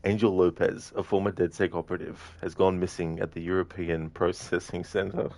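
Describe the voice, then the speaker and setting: A man's voice: deep voice, level tone, fairly quick, darkish tone, no echo. A young man streaming a video game, chatting with viewers and reading chat in a giggly, chatty way. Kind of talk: live gameplay stream chat.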